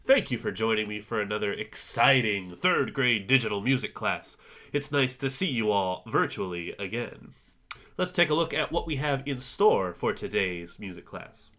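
A man teaching a virtual music lesson to young children, cheerfully guiding them through warm-ups and counting along. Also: on the low side, lively intonation, moderate pace.

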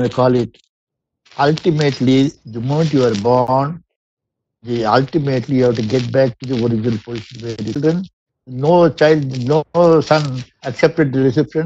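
A man's voice: mid-range voice, darkish tone, a little hiss or hum. A man with an Indian English accent gives a spiritual discourse, reciting Sanskrit verses and explaining them in English, often restarting his sentences. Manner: frequent restarts and repetitions. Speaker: satsang speaker. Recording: dull lo-fi dry recording.

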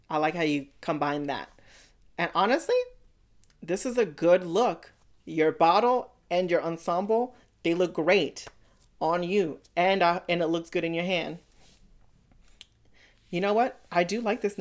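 Woman, lower voice, sassy reaction commentary, blunt critiques, calls people honey and baby. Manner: sassy, talks straight to the contestants with "honey" and "baby". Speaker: reaction channel host.

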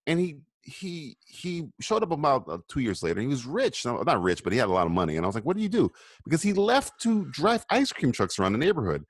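A man in casual movie-commentary chat, his pitch leaping all over the place as he jokes and laughs. The sound is dry and close, with no room around it. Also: huge pitch swings, quick pace, no room sound. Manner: jokey, laughs often, riffs loosely. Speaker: podcast co-host.

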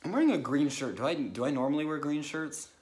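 A man's voice: fairly high pitch, lively intonation, fast talker, darkish tone. A young man vlogging to camera in a nervous, overdramatic, rambling way. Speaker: YouTuber. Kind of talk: casual vlog to camera.

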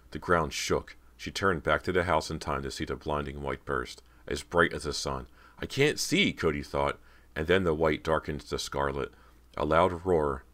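A man narrating a horror audiobook in a steady, measured reading. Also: rumbling low.

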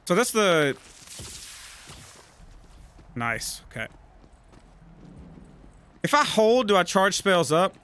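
A man giving casual gameplay commentary, trash-talking enemies loudly with plenty of profanity. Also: sits high, sing-song, takes it slowly, long pauses, clear, resonant tone. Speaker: gaming YouTuber.

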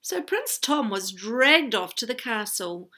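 A woman reading a children's story aloud, expressive, with chatty asides to her listeners. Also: fairly high pitch, slow pace, background noise.

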